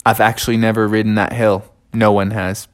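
Casting: slangy, laid-back young forest critter in a bedtime story, voiced by a man, low and quick. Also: flat delivery, lightly acted. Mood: awed.

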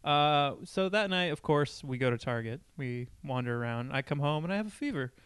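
A man's voice: a little high, expressive, fairly quick, fairly bright tone, clean tone. A young man casually telling a long personal story on a podcast, rambling and full of "like". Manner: rambling, heavy on filler "like".

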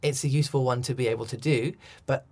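A man's voice: mid-range voice, fairly even intonation, fast talker, a little mellow. A man, a coach, answering interview questions thoughtfully with frequent restarts and ums. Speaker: accent coach.

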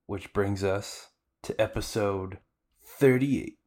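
Male podcast host, casual recap, low-pitched, lots of "like" fillers. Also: measured pace. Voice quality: conversational, filler-heavy, animated retelling. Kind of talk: casual anime episode recap.

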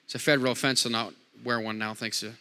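A man's voice: medium pitch, steady tone, quick pace, pushed and bright, clear, resonant tone. A man preaching a sermon, joking with the congregation and repeating lines with frequent amens. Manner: jokey, call-and-response preaching with repeated amens. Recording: long hall reverb.

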